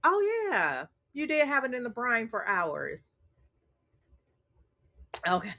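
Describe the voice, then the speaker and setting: Female host for loose after-dark live chat; bright, lively delivery straight to the viewers. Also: on the high side, slow. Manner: chatty, laughs often, talks straight to viewers. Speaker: livestream host. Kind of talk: casual late-night live chat.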